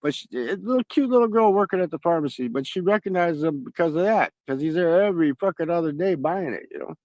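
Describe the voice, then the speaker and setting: A man's voice: on the high side, lively intonation, fast talker, darkish tone, dry recording. A man hosting a stream, telling rambling, profane stories in casual chat. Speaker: stream host.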